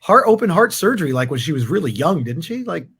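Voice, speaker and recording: Lively gravelly man bantering. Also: on the high side. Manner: animated, jokey, quick banter. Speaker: podcast co-host, band member. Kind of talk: casual chat.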